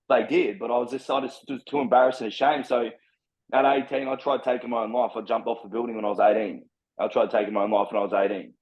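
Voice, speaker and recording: Talking fast in a level, medium-pitched voice, an Australian man from Brisbane gives a rambling, frank and profanity-laden account of his life as a podcast guest. This candid personal storytelling comes through on dull audio.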